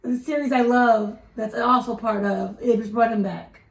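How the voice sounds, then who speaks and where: Chatty woman reviewing movies, echoey room. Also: a little high. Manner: chatty, animated, quick asides. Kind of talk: casual movie review chat. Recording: echoey room, mic at a distance.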